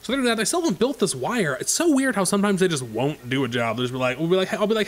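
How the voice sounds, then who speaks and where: A man's voice: high voice, big pitch swings, rapid-fire, few pauses. A man casually commenting on his own gameplay, thinking aloud in a chatty way with many fillers. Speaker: let's play host.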